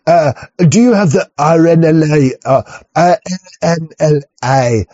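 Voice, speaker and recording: A man voicing a bumbling male coast guard officer who speaks broken franglais in a mock French accent, halting and stammering, on dull muffled audio. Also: a little high, warm tone, no room sound. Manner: halting, stammering, drawn-out words.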